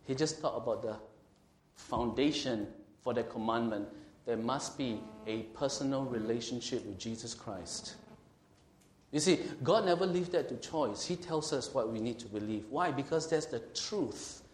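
A male pastor preaching an emphatic sermon. He slows and swells on scripture and asks the congregation questions. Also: medium pitch, lively intonation. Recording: roomy hall echo.

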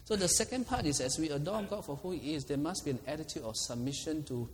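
A man's voice: fairly high pitch, fast, big-room sound, a little hiss or hum. A man preaching a sermon, laughing often and acting out quoted prayers.

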